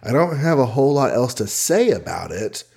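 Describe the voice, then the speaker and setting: A man co-hosting a podcast, explaining things in a measured, casual way with "um" pauses. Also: mid-range voice, sing-song, gravelly, darkish tone, slightly rough. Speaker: podcast co-host. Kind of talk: casual chat about comics.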